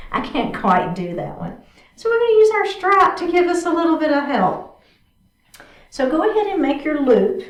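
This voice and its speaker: A woman guides a chair yoga class in a fairly high voice, calling out each move and asking how it feels. She stands a little away from the mic, and the room echoes around her. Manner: encouraging, cueing moves step by step with frequent check-ins. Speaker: yoga instructor. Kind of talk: guided exercise class instruction. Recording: roomy sound from a distant mic.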